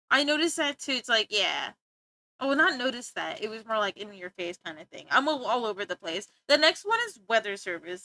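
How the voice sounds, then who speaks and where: Bright, high-voiced woman streamer chatting playfully. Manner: playful, giggly and rambling, often breaking off to laugh; joking, teasing banter with chat. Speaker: livestreamer. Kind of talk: casual live-stream chat with viewers.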